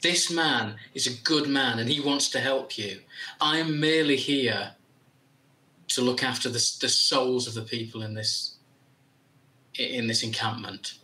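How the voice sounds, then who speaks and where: A man's voice: mid-range voice, a little slow, bright, forceful tone, low-quality recording. A man playing a tabletop game, speaking earnestly and persuasively in character as a priest. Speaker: player.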